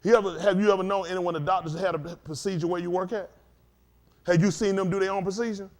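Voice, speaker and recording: A man preaching a sermon to a congregation, firing questions at the crowd and swinging between loud and low. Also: steady tone, fast. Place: congregation hall.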